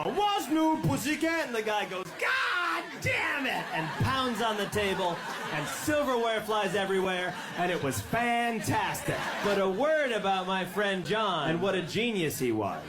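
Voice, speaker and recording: A man doing stand-up, telling a long story with lively delivery and sung snippets. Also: high-pitched, a little slow, loud music behind the voice. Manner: animated, sings song snippets. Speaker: stand-up comedian.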